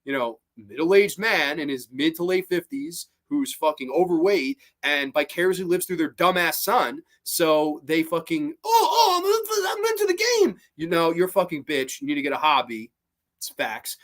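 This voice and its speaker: A man's voice: fairly high pitch, normal speed. A man hosting a casual live-stream movie chat, rambling and swearing a lot as he gets worked up. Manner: rambling, profane, animated. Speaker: host.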